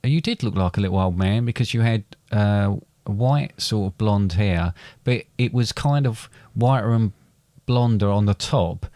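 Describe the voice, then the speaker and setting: A man's voice: fairly low pitch, measured pace, hardly any pauses, mellow, no room sound, studio quality. A middle-aged man, a father and podcast co-host, chatting casually and rambling with many restarts and fillers. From England. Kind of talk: casual chat.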